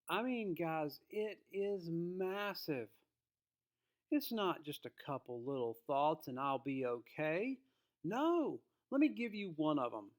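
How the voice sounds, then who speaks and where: A man giving a casual trading lesson to his viewers. His voice sits a bit high. He talks in an emphatic, folksy way. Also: a little mellow. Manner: emphatic, folksy, acts out quotes. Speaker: trading educator.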